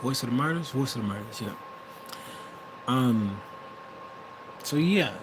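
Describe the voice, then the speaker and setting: A man's voice: medium pitch, expressive, unhurried. A young man from the US Midwest with a Wisconsin accent, talking in a hesitant, rambling monologue full of restarts and self-corrections. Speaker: vlogger. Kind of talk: casual monologue. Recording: vehicle noise in the background.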